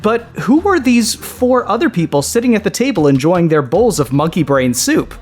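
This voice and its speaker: A man's voice: high voice, very animated, moderate pace, soft background music. A man hosting a comedy podcast, reading a scripted comic story with playful dry asides. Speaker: podcast host.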